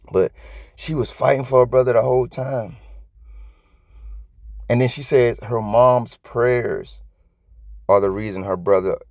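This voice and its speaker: Gravelly man ranting emotionally. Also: medium pitch, takes it slowly, pauses often, no room sound, clean studio sound. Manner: profane, emotional, animated rants. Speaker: commentary channel host. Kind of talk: casual reaction commentary.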